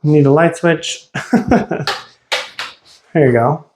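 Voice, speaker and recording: A man with a slightly higher-than-average voice leads a casual tour through a house. He chats and exclaims over the features as he walks room to room, recorded on a handheld camera. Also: takes it slowly, noisy background. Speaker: realtor giving a home tour. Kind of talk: casual walk-through narration. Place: inside a house, walking room to room.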